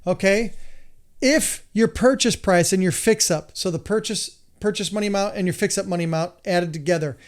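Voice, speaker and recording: A man's voice: high-pitched, normal speed. A middle-aged man from the United States, a real estate investor and lender, teaching in an emphatic, exasperated, repetitive way. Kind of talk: instructional monologue.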